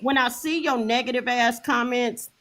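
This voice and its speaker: Middle-aged woman, livestream host, slightly high voice, heated profane repetitive rant. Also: steady tone, normal speed, a bit bright.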